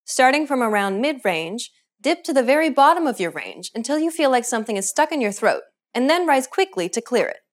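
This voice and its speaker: A woman narrating a scripted language lesson in a clear, measured instructional way. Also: high voice, big pitch swings. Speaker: language teacher.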